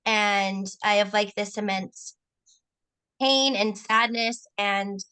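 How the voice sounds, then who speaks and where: A woman's voice: mid-range voice, slow, bright, forceful tone, smooth. A woman chatting casually and telling stories, peppering her talk with "like" and "right?". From Canada. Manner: chatty, storytelling, frequent 'like' and 'right?'. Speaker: co-host asking questions. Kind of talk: casual conversation.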